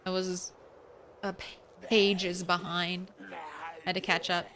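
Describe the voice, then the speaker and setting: A woman's voice: lowish voice, flat delivery, slow, background noise. A woman streaming a video game, chatting casually and playfully with her viewers and talking to her cat between jokes. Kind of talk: casual livestream chat while gaming.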